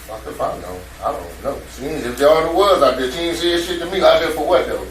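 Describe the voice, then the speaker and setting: A man giving a statement to detectives, telling his account in profane, animated slang. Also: on the high side, a little fast, recorded from a distance. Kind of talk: police interview statement. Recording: echoey noisy room from afar.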